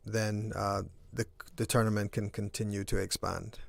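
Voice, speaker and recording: A man who organizes a basketball tournament, a guest on a radio sports show, talking with halting starts and repeated words. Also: lowish voice, little pitch movement, vocal fry, no room sound.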